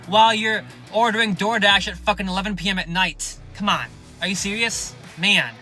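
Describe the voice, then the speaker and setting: A man's voice: high-pitched, moderate pace, pushed and bright, faint music behind. A man, a fitness coach hosting his own podcast, talking bluntly and sarcastically with plenty of swearing and lots of "you guys.". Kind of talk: podcast monologue.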